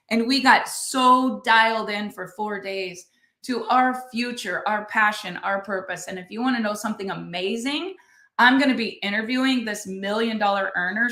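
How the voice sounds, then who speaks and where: A woman's voice: mid-range voice, pushed and bright, roomy sound. A middle-aged woman hosting a podcast, telling a personal story straight to her listeners with intense emphasis. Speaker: podcast host.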